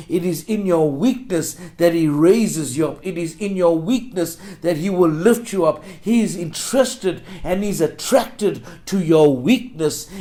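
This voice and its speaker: Slow, emphatic South African pastor. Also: male voice, high-pitched. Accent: South African English. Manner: slow, builds to loud emphatic repetition. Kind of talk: sermon.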